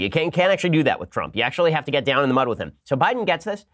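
A man hosting a political podcast, reading an ad and giving sarcastic, animated commentary. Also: on the high side, racing. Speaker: podcast host. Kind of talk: fast political commentary with ad read.

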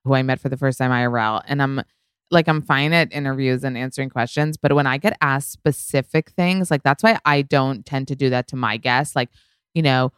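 A woman talks through her podcast in a low, smooth voice, recorded close and dry with no room around it. She rambles in casual chat, leaning on "like" and "you know" and letting a swear word slip now and then. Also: a little fast, a bit bright, no room sound. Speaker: podcast host. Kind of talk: casual solo podcast storytelling.

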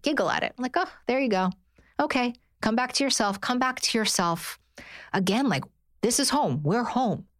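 A middle-aged woman, a therapist on a podcast, talking in an earnest, animated way and voicing her own inner thoughts. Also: mid-range voice. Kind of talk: casual chat.

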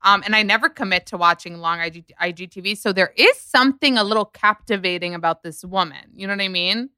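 A woman's voice: mid-range voice, quick pace, pushed and bright, clean tone, no room sound. A woman hosting a podcast, chatting casually and animatedly, telling stories with quoted asides. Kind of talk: casual gossip chat.

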